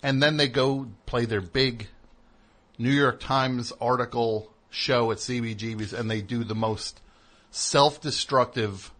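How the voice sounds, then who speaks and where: A middle-aged man hosting a casual interview show, chatty, with rambling asides and many quick affirmations. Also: medium pitch, steady tone, a bit bright. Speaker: radio host.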